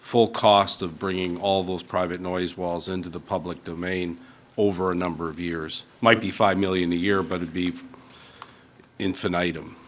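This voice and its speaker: Deep-voiced staff man clarifying. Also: fairly even intonation, normal speed. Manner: careful, clarifying, hesitant restarts. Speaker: municipal staff member. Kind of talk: answering at a council meeting.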